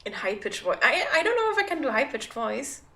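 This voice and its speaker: A woman in her thirties chatting on a livestream while she waits in a game queue. Her voice is bright and a bit forceful, pitched on the higher side, and she rambles in a chatty, self-deprecating way. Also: very animated, fairly quick, creaky. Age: 30s. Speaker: game streamer. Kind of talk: casual livestream chat.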